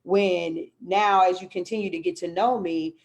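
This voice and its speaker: A woman's voice: fairly low pitch, steady tone, moderate pace, a little mellow. A woman hosting a live podcast, talking in a fervent, preachy way and repeating words when she gets fired up. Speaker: podcast host. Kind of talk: live-streamed podcast talk. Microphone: live stream on a video call.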